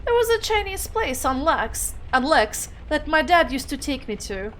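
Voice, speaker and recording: A nostalgic mother's message in a game, voiced by a woman a touch higher than her own voice. Chatty and easygoing. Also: big pitch swings, normal speed, a bit bright, a little hiss or hum. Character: middle-aged mother writing to her son.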